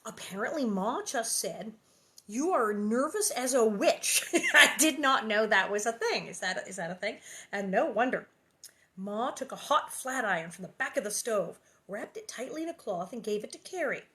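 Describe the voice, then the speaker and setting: Bright, chatty woman reading aloud. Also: fairly high pitch, normal speed. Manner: animated, chatty, laughs often, acts out quotes. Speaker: reader and host of a reading series. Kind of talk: reading aloud and casual chat. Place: at home.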